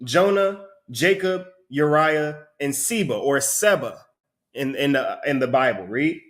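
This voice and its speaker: A man teaching a Bible study, explaining the text in an animated way and often asking "right?". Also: a little high, unhurried. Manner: animated, asks rhetorical questions, repeats "right?". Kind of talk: sermon-style teaching with a reader.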